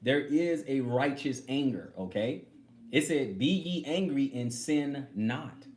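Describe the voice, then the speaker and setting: A man's voice: medium pitch, expressive, takes it slowly, darkish tone, a little hiss or hum. A man giving an informal Bible teaching to other men, talking conversationally, repeating himself and demonstrating with a prop. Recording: echoey room with faint ambience.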